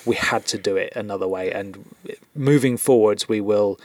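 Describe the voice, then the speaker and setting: A man's voice: lowish voice, moderate pace, darkish tone, no room sound, studio quality. A man from the UK co-hosting a podcast in loose, joking, rambling casual chat. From United Kingdom. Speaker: podcast co-host.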